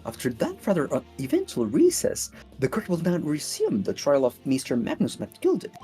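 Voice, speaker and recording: A woman's voice: low-pitched, huge pitch swings, normal speed, warm tone, soft background music. A woman voicing a stern, pompous elderly male judge in a fan dub, with formal speech and theatrical outbursts.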